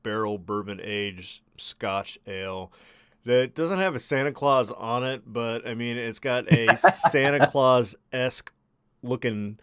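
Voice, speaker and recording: Chill podcast guy, smooth voice, dry mic, lotta uhs. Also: mid-range voice, measured pace, fairly bright tone, no echo. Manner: laid-back, chuckling, lots of uh fillers. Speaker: podcast co-host. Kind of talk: casual podcast banter.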